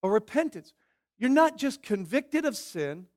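A man preaching a sermon as pastor. He lays out numbered points and moves from forceful, stressed words to quiet, probing questions. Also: high voice, big pitch swings, measured pace. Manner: emphatic, swinging from shouted stresses to hushed questions.

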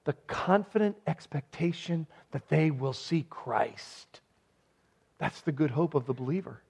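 A man's voice: on the high side, animated, unhurried, vocal fry, darkish tone, breathy edge. A man preaching an expository sermon as pastor. He speaks emphatically and poses rhetorical questions to his listeners. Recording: dull lo-fi recording.

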